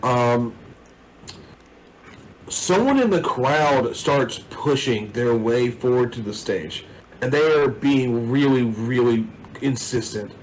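A man's voice: mid-range voice, lively intonation, slow pace, slight background noise, low-quality recording. A man narrating a tabletop role-playing game as game master, in a casual, rambling way with many fillers.

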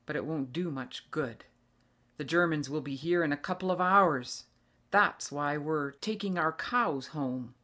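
A woman's voice: low voice, unhurried, pushed and bright. A woman reading the part of a grave farmer man who urgently tells of war news. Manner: urgent, insistent.

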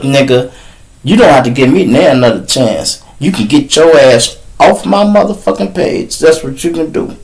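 Male host in his fifties, Chicago accent, mid-pitched, loose profane live-stream storyteller. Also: normal speed, low-quality recording. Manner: profane, rambling storytelling with bursts of mimicked shouting. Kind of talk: casual live-stream monologue.

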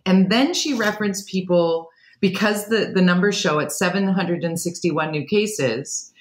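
Lower-voiced woman cohosting a news podcast, blunt and opinionated, roomy echo. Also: a little slow. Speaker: podcast co-host. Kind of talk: casual current-affairs chat.

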